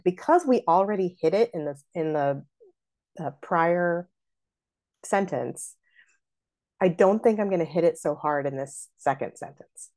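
A woman's voice: fairly low pitch, animated, moderate pace, darkish tone. A woman hosting a podcast, teaching how to scan and stress lines of verse and walking through examples step by step. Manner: explains stress patterns, talks through examples. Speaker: podcast host and theater director.

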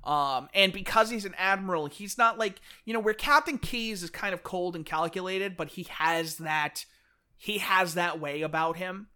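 A man co-hosting a casual podcast chat, animated, often acting out characters' lines. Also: high voice, clean tone. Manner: animated, fast-talking enthusiast who acts out characters' lines. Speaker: podcast co-host. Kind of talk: casual chat about books.

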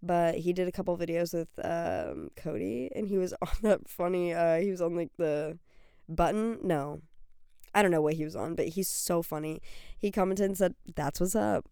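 Rambling woman podcaster, smooth dry voice. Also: lowish voice, moderate pace, warm tone, no room sound. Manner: gushing, rambling, lots of fillers and self-corrections. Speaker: podcast host. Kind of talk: solo chatty podcast rant.

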